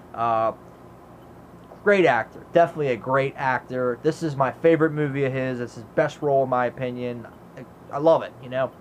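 An enthusiastic man at an average pitch talks through a film in a casual movie review vlog, rambling, recounting scenes and leaning on "you know" fillers. A faint noise sits in the background.

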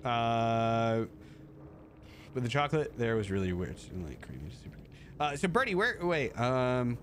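A man's voice: sing-song, moderate pace, a little hiss or hum. Chatty man streaming live. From United States. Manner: chatty and rambling, jumping up high when thanking viewers. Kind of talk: casual live-stream chat, reading and answering chat.

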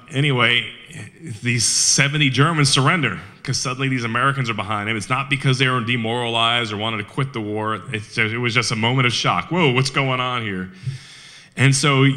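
A man telling a war history story at a Veterans Day event, animated, with rhetorical questions and frequent restarts. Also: medium pitch.

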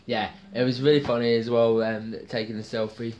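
A man's voice: on the low side, steady tone, fast, hardly any pauses, a little mellow, slight background noise. A man hosting a jokey solo TV review video, rambling and hesitant with many ums and slang words. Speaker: TV soap reviewer.

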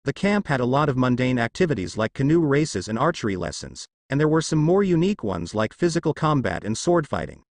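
A man reads a fan story aloud with an animated, expressive pitch. His voice sits mid-range and close, with no room sound around it. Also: fairly quick, hardly any pauses, no echo. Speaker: fanfiction reader. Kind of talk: scripted story narration.

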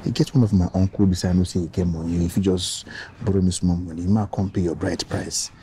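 A man's voice: sits low, fairly even intonation, fast talker, mellow, a little hiss or hum. A young man with a Nigerian accent, pleading and coaxing in film dialogue. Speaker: poor young lover.

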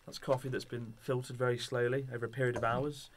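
A man's voice: medium pitch, flat delivery, fast talker. A man, a guest on a casual live stream, joking and teasing in dry banter.

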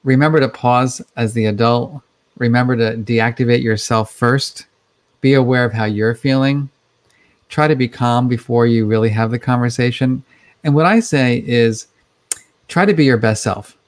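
A man's voice: medium pitch, moderate pace. A man speaking as a guest expert in a conversational interview, explaining things in a chatty way with many fillers.

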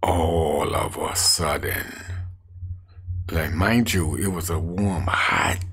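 Male evangelist, husky deep voice, hushed storytelling testimony. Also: takes it slowly. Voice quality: gravelly, husky low voice. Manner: hushed, half-whispered storytelling with sudden emotional lifts. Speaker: street evangelist. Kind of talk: personal testimony.

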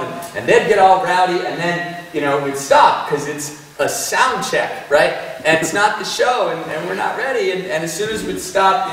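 A man giving a keynote speech, telling a story in an animated way, laughing often and repeating words. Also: sits high. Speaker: keynote speaker. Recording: echoey hall, mic from a distance, faint noise.

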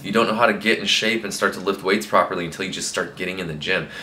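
A young man coaching fitness speaks quickly in a low, pushed, bright voice, delivering a casual, filler-heavy motivational ramble to camera. The room echoes, and there's slight background noise.

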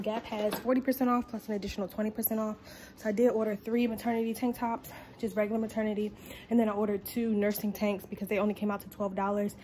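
A woman's voice: mid-range voice, mellow, a little hiss or hum. A young woman chatting casually to her viewers in a vlog, bubbly and talkative, filmed on a handheld phone. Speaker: vlogger.

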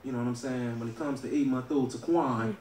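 A male stand-up comedian from Louisiana with a Southern American accent, loud and crowd-working, laughing at his own jokes. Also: medium pitch, steady tone, brisk, far from the mic. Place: comedy club stage. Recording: echoey club room, heard from afar.

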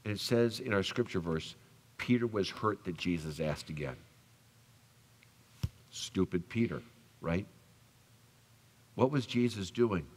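A male pastor preaching a sermon, telling the story with animated acted-out voices and dropping soft for tender lines. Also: fairly low pitch, unhurried, long pauses, slightly rough. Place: church sanctuary. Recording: long church reverb.

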